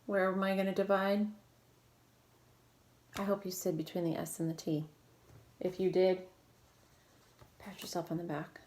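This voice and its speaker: A woman teaching a recorded phonics lesson to children, giving clear prompts and praising often. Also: fairly low pitch, little pitch movement, measured pace, long pauses, a little mellow. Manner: encouraging, clear teacher prompts to young readers. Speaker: reading teacher.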